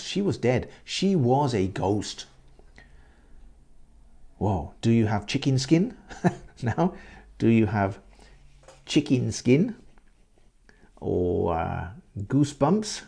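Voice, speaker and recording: Slow, gravelly man teaching through a story. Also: fairly low pitch, mellow. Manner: repeats words, explains vocabulary. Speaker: English teacher. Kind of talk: storytelling lesson for learners.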